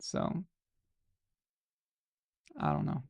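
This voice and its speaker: A man's voice: drawn-out words, darkish tone, no echo. A man hosting a live show, giving blunt, opinionated sports commentary and swearing casually.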